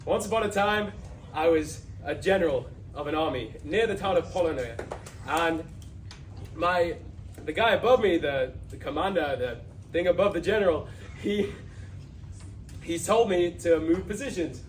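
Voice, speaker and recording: A young man telling a Hasidic story, breaking into acted voices with high, loud outbursts. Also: expressive, moderate pace. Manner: acts out characters with sudden high, loud outbursts. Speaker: student speaker retelling a Hasidic story. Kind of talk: animated storytelling. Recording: distant mic with faint background noise.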